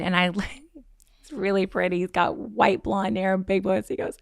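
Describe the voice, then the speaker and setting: Smooth-voiced woman telling lively stories. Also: medium pitch, brisk, dry recording, clean studio sound. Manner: animated storytelling, acting out quotes. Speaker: podcast guest. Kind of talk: casual chat.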